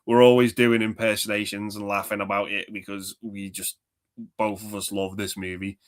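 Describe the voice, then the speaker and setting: A man's voice: lowish voice, level tone, moderate pace. A man co-hosting a casual movie chat, enthusiastic, swearing often and slipping into quoted lines. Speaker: podcast co-host.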